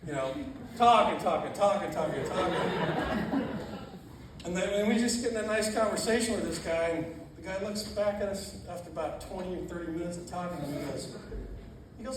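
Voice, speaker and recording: A man telling laughing, animated stories about a friend at a memorial reception in a church hall. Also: high-pitched, brisk. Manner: animated storyteller, laughing often, acting out quotes. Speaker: funeral reception speaker. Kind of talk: storytelling at a memorial gathering. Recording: very echoey, distant, noisy room.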